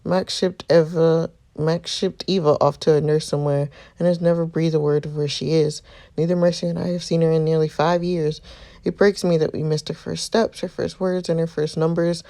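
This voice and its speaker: A woman reading a game's narration as a devoted, protective young man, in an earnest storytelling way with a gravelly texture. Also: low voice, little pitch movement, fairly quick, dark tone. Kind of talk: reading game narration aloud.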